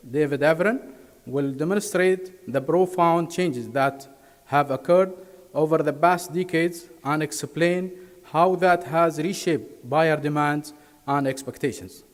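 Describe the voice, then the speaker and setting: A man hosting a corporate event, reading a formal, measured introduction of the speaker. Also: fairly high pitch. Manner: reads formally, careful and measured. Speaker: event host. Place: large conference hall. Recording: reverberant hall sound.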